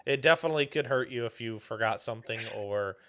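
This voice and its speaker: A man's voice: medium pitch, fast, background noise. A man hosting a podcast, easygoing, asking questions and backing the guest with frequent "mm-hmm"s. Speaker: podcast host. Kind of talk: casual podcast chat.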